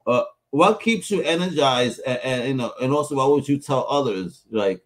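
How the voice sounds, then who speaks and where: A male podcast host who chats in a relaxed, slangy way and swears freely. He launches into anecdotes in a familiar, unpolished tone, like talking to an old friend. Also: mid-range voice, moderate pace. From Puerto Rico. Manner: loose and profane, slangy storyteller. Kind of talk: casual chat.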